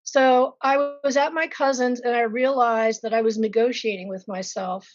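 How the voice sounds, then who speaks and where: Frank, higher-voiced woman telling her story. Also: steady tone, normal speed, lo-fi sound. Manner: frank and vivid, with self-deprecating asides. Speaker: patient sharing her story. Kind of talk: candid personal interview.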